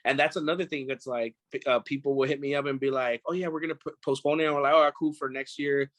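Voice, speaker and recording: A man guest chatting loosely and quickly, piling on fillers and curse words. His voice sits at an ordinary pitch. The sound is dry and close, with no room echo. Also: steady tone, a bit bright. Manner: rapid, profane, rambling with many fillers. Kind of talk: casual interview chat.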